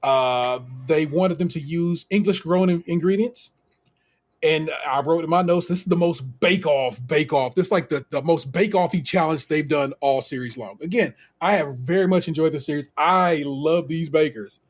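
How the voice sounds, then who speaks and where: A man from the United States co-hosting a podcast. He recaps a TV show in a casual, animated, slangy way and laughs often. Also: on the high side, normal speed. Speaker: podcast co-host.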